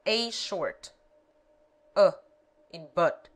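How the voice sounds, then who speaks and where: A woman's voice: on the low side, lively intonation, extremely slow, pauses often. A woman reading a language lesson aloud, spelling out letters and example words one at a time. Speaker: language teacher.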